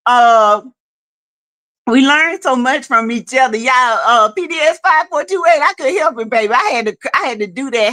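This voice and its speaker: A woman hosting a casual livestream, chatty and quick to laugh, calling her viewers y'all and honey. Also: high voice, bright, forceful tone. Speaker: livestream host.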